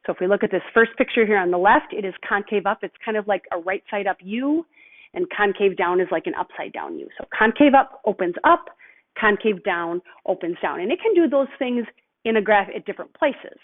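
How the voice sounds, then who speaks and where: A woman's voice: mid-range voice, expressive. Female math teacher, patient step-by-step recorded lesson; narrow tinny audio. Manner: patient step-by-step explaining, slows on key terms.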